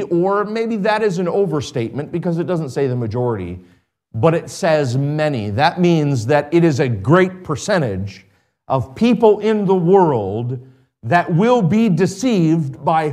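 A man's voice: fairly high pitch, a little mellow. A middle-aged man preaching a sermon in a conversational way, with sarcastic asides and emphatic rises.

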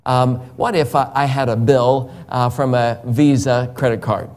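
Male evangelist, one-on-one gospel talk; slow, emphatic delivery with frequent chuckles. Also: medium pitch, steady tone, a little mellow.

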